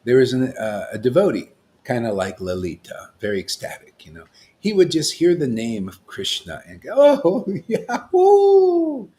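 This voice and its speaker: A man's voice: mid-range voice, a little mellow. A man giving an informal spiritual talk as a teacher, rambling and often checking in with "see?" and "you know.".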